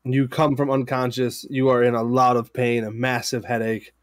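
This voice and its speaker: A man narrating as game master of a tabletop game, loose and halting. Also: medium pitch, flat delivery, no echo, clean studio sound.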